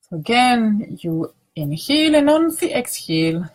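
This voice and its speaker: A woman teacher leading a guided grounding practice, speaking softly with many pauses and restarts. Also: mid-range voice. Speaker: meditation teacher.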